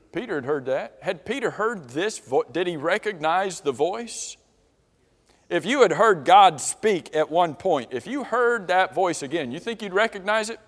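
Slow-preaching man in a reverberant church. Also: a little high. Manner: slow, questioning the congregation. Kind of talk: sermon. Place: church auditorium. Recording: long reverb of a church hall.

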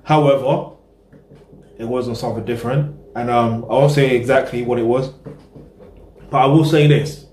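A man's voice: medium pitch, steady tone, moderate pace, pauses often, darkish tone, reverberant. A man hosting a reaction video, rambling casually in slang and talking straight to his viewers.

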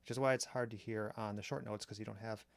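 A man calmly explaining a drum machine's sounds step by step, pausing between phrases as he demonstrates. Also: on the low side, gravelly, no echo. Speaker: synth reviewer. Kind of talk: technical demo narration. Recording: strong mains hum on the mic.

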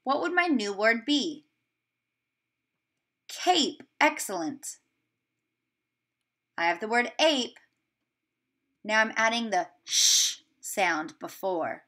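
Slow, bright-voiced woman teacher. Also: a little high, animated. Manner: slow, encouraging, sounding words out. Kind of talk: remote video lesson for young children.

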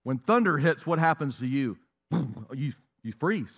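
A man with a fairly high voice preaches to his congregation. He asks them question after question and dips into mocking impressions to make his point. The sound carries a long reverb from a large church hall. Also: animated, measured pace, a bit bright, muffled recording. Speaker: pastor. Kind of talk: sermon.

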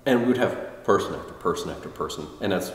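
Low-voiced man rambling in a roomy space. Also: animated, quick pace. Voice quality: quiet, introverted. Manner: rambling, self-deprecating, many restarts. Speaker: tai chi video blogger. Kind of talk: casual spoken review. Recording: roomy, distant mic with long reverb.

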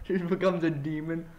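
A man's voice: high voice, dull audio, a little hiss or hum. A man giving casual, goofy, self-mocking commentary while playing a video game. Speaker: let's-play gamer.

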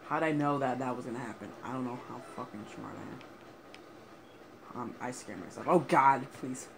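A man's voice: mid-range voice, normal speed, vocal fry. Foul-mouthed young man gaming, noisy recording. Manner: swears a lot, angry outbursts. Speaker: gameplay commentator. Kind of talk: casual gaming commentary.

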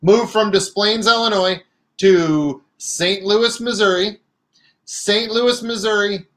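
A man's voice: high voice, steady tone, takes it slowly, a bit bright. A man co-hosting a casual craft livestream, chatting and reading out viewers' comments. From Chicago area, United States. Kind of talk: casual live-stream chat.

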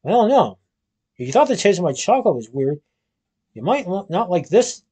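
A man's voice: sits high, sing-song, a little fast, dark tone, slightly rough, full character voice. A man voicing a whimsical, cheerful young male chocolatier, playful and eager.

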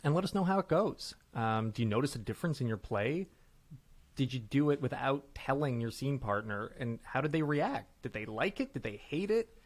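A man's voice: mid-range voice, sing-song, normal speed. A man co-hosting a podcast, chatting casually and upbeat about improv. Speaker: podcast co-host. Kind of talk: casual chat.

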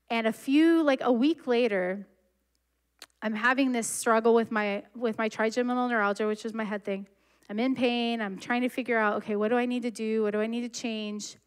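Young woman preacher, slightly high pitch, warm conversational sermon delivery with many restarts. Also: clean tone. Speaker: church speaker.

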